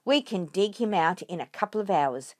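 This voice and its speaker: Woman reading as a smug low farmer. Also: animated, moderate pace, a little mellow, dry recording, clean studio sound.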